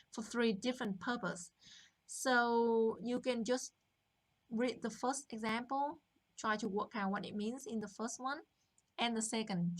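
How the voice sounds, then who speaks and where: A woman teaching a language lesson on a live stream, explaining patiently and greeting viewers from the chat. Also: mid-range voice. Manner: slow, patient explaining with chat shout-outs.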